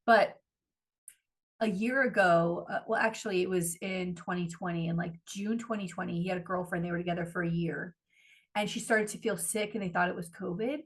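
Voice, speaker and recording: A woman's voice: lowish voice, fairly even intonation, fairly quick, breathy edge. A woman co-hosting a podcast, chatting casually and animatedly, gushing and swearing freely. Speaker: podcast co-host. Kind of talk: casual chat.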